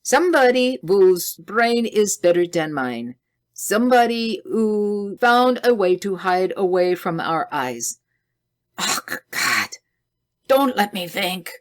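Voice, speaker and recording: A woman's voice: medium pitch, lively intonation, takes it slowly, voice pushed up. A woman voicing an agitated older male scientist with a German accent, crying out in distress. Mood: anguished.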